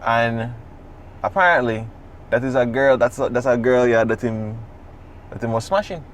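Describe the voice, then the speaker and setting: A man, co-hosting a podcast in casual chat, talking in an animated, profane, rambling way. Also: mid-range voice, normal speed, slight background noise. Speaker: podcast co-host.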